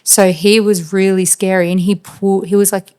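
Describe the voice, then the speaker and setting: A woman with an Australian accent, a podcast guest, telling a personal story in a halting, flat way with lots of fillers. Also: medium pitch. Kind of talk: casual storytelling.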